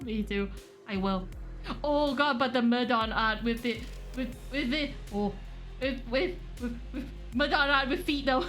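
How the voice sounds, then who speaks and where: A woman's voice: on the high side, fairly even intonation, moderate pace, a bit bright, soft background music. A young woman streaming a game, reacting with shrieking laughter and frequent swearing. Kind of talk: reactive gameplay commentary.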